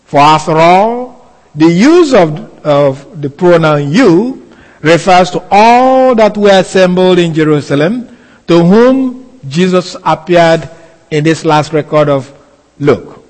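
A man delivers a Bible teaching at an unhurried, deliberate pace, his voice sitting a little high for a man. He leans on key phrases by saying them twice. His words ring out with a long reverb from the hall. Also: animated, a little mellow. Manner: slow, deliberate, repeating key phrases for emphasis. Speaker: preacher. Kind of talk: expository sermon.

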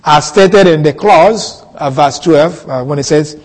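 A man teaching a Bible passage in a sermon, slow and deliberate, repeating key words for emphasis. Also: fairly high pitch, long reverb tail, rough recording. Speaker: preacher.

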